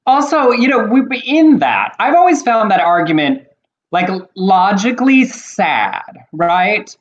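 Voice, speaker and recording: Texas guy co-host, snippy and quick, sounds kinda muffled lo-fi. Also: high-pitched, sing-song. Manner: snippy, fast, argumentative. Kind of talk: casual chat. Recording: dull lo-fi audio.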